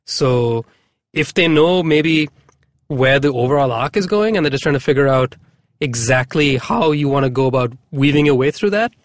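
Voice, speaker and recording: A man co-hosting a casual podcast, upbeat and rambling, often pausing on fillers. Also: medium pitch, no room sound. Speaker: podcast co-host. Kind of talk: casual chat.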